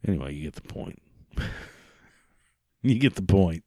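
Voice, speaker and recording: A man's voice: deep voice, animated, measured pace, long pauses, dark tone, no room sound, clean studio sound. A man ranting in a sarcastic, mocking, profane monologue. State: prone to coughing fits.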